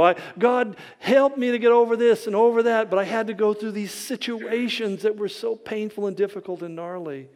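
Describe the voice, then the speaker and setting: A man preaching a sermon, telling the story with humor and lively acted-out quotes. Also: on the high side. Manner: animated storytelling with humor and dramatic quoted voices. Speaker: pastor. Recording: hall reverb.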